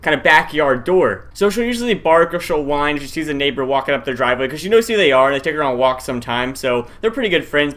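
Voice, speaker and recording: A young man vlogging, casually telling a tense story to his viewers and calling out to them as guys. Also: on the high side. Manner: animated, addresses viewers as guys, shouts at tense moments.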